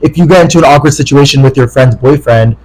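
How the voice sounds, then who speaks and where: A man's voice: mid-range voice, fast, darkish tone, rough recording. A young man co-hosting a podcast, telling a story in casual chat and acting out the quotes with lots of swearing. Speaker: podcast co-host.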